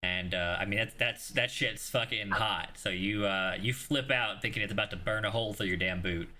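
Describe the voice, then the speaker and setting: Guy dm'ing a tabletop game, bright forceful voice, lots of uhs and restarts, swears casually. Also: on the low side, normal speed. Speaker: game master.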